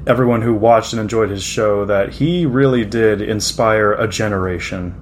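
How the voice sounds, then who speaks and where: A man's voice: fairly low pitch, normal speed, a little hiss or hum. Dry, teasing man co-hosting a podcast. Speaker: podcast co-host. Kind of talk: casual travel podcast chat.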